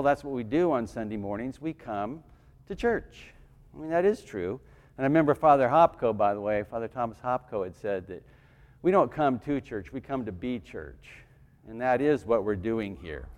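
A deacon giving a conversational homily in church, with restarts and asides. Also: male voice, medium pitch, darkish tone. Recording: reverberant church hall.

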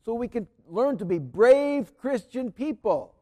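A man preaching a sermon in an earnest way, repeating key phrases and often dropping to a soft, quiet voice. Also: very high-pitched, big pitch swings, measured pace, in a large hall.

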